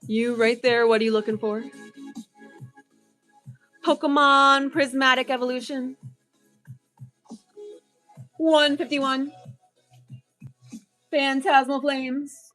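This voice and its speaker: A woman's voice: sits high, takes it slowly, long pauses, soft background music. A woman hosting a casual livestream of card pack openings, chatting with viewers and reacting with gasps. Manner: chatty, reads chat aloud, yawning, excitable gasps. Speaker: livestream card-breaking host.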